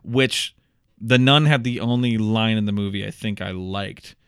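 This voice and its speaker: A man co-hosting a podcast, animated and rambling in a casual movie review chat. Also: fairly low pitch, normal speed, clear, resonant tone, dry recording, studio quality. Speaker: podcast co-host.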